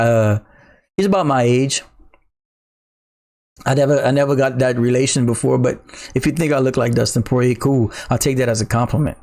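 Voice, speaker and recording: Cajun guy on a livestream, middle-aged, gets hyped easy, lots of bruh, reads chat out loud. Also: medium pitch. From Louisiana, US. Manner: excitable, laughing, slangy, says "bruh". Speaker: crypto livestream host. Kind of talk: casual livestream chat, reading viewer comments.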